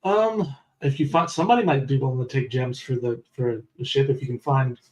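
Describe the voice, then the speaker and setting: A man's voice: mid-range voice, brisk, a little mellow. A man running a tabletop game as game master, recapping and describing the setting in a loose, meandering way.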